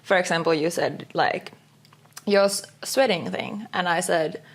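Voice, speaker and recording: A young woman with a slightly low voice chats casually on a podcast. She talks in loose, looping sentences packed with "like" fillers and little giggles. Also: a little slow. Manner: chatty, full of "like" fillers, giggly. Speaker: podcast co-host. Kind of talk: casual chat.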